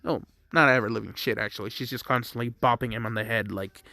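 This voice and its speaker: A man's voice: mid-range voice, steady tone, fast, creaky, sharp tone, a little hiss or hum. A man casually narrating a fan-made story, rambling, correcting himself, and swearing freely.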